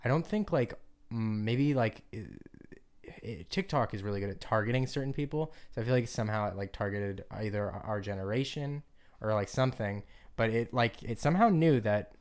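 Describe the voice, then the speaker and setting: A young man co-hosting a podcast, chatting in a bubbly, rambling way and laughing often. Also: lowish voice. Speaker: podcast co-host. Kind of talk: casual chat.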